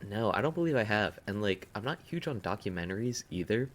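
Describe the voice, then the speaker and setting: A man's voice: on the low side, very animated, fast. A young man co-hosting a podcast in casual chat, joking around and slipping into silly voices. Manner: jokey, slips into silly put-on voices. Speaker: podcast co-host.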